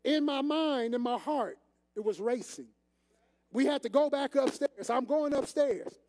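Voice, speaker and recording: An older man preaches a sermon in a folksy, conversational way, speaking directly to the congregation. His voice is very high for a man and mellow in tone. A long echo hangs in the church hall around him. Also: unhurried. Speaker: assistant pastor. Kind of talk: sermon with storytelling. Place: church sanctuary.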